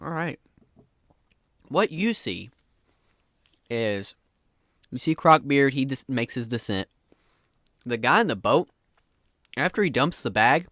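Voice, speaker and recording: Bright, lively-voiced man as game master. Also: mid-range voice, takes it slowly, long pauses, no room sound, clean studio sound. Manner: casual, swearing, chuckling. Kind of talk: narrating a tabletop game.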